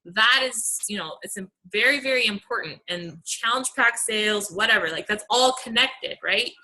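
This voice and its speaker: Young woman coach, bright voice, earnest and chatty on a team call. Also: a little high, lively intonation, moderate pace, poor audio. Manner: earnest, chatty, many fillers. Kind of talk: motivational team call talk.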